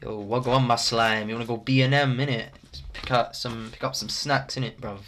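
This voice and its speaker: A man's voice: mid-range voice, steady tone, a little fast, a bit bright, a little hiss or hum, natural voice. A man putting on a cocky roadman charmer. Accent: London street slang put on. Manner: slangy street talk, cheeky flirting.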